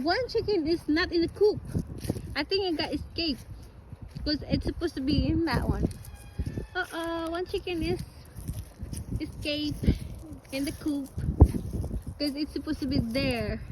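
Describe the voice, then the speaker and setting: A woman's voice: high-pitched, expressive, unhurried, long pauses. A woman from the Philippines filming a casual farm-visit vlog, talking to a child and the animals in a sing-song, coaxing voice. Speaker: vlogger and parent. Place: outdoors at a small farm. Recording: noisy outdoor recording.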